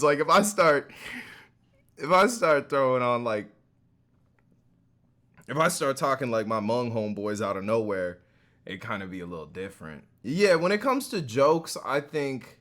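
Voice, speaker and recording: A man's voice: medium pitch, fairly bright tone. A man streaming casually, reacting to a video in loose slangy talk full of fillers and laughs. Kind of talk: casual chat.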